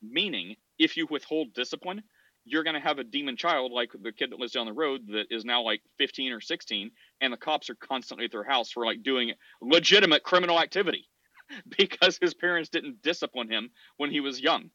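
Male podcast co-host, rambling and animated; bright, sharp voice, dry dull recording. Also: medium pitch, a little fast, no echo. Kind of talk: casual discussion.

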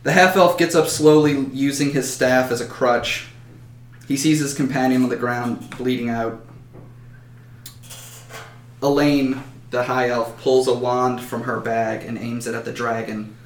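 A man's voice: medium pitch, fairly even intonation, unhurried, pauses often. A man narrating a fantasy battle story dramatically, with occasional slips. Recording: roomy echo.

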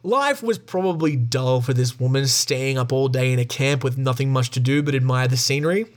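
A man's voice: medium pitch, fairly quick. A man casually reading stories from a book aloud, breaking off for jokey, profane asides.

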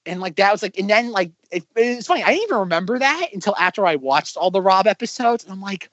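Lively high-voiced man rambling. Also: fast talker, no room sound. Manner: animated, rambling with many "like" fillers. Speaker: podcast co-host. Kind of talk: casual podcast chat. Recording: slightly dull, dry lo-fi audio.

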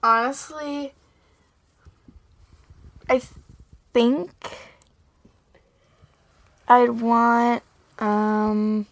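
A young woman co-hosting a casual family podcast, enthusiastic and quick to laugh. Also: fairly high pitch. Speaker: co-host.

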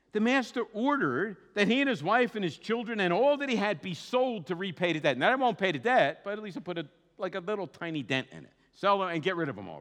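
Animated male preacher in a reverberant hall. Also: on the high side. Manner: animated, conversational preaching with asides and restarts. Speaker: pastor. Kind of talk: sermon. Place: church sanctuary.

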